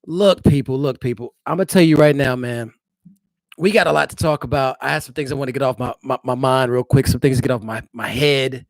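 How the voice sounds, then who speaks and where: Chatting casually and directly with his viewers, this livestream host is an adult married father from the eastern US broadcasting from home. He talks fairly quickly in a mid-range voice, with no echo.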